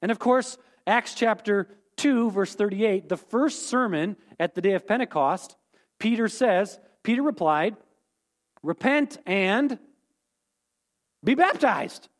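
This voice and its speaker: A man's voice: high-pitched, unhurried. A man teaching a Bible lesson, explaining terms and repeating key points, often checking in with "okay?".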